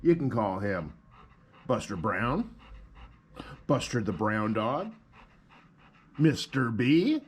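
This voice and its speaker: A man vlogging casually, switching to a high sing-song voice for his dog and talking easily to the camera. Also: slow pace, pauses often, breathy edge. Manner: relaxed, easygoing narration. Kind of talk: casual vlog chat. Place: at home with a dog.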